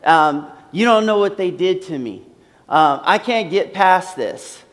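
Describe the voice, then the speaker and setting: A man's voice: sits high, expressive, unhurried. A man preaching a sermon earnestly, repeating phrases and using many fillers, in a large hall. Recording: long hall reverb.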